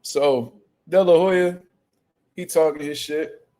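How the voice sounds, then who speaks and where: A young man riffs on boxing news in a loose, profanity-laced stream. His voice sits a touch high for a man, and he swings from laid-back asides to animated trash talk. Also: slow pace. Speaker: boxing commentary host. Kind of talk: casual reaction commentary.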